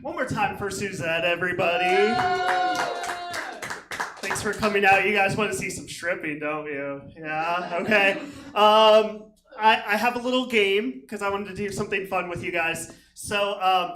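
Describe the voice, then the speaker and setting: A man's voice: sits high, moderate pace, background noise. A man doing crowd-work comedy, teasing audience members and giggling through the banter. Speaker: stand-up comic. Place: comedy theater stage. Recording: echoey room with lively crowd.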